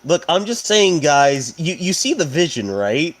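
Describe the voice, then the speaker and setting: A young male podcast cohost riffs on football in loose, joking banter, full of restarts and fillers. His voice sits on the higher side for a man. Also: big pitch swings, unhurried. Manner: rambling, joking, many fillers. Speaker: podcast co-host. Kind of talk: casual sports banter.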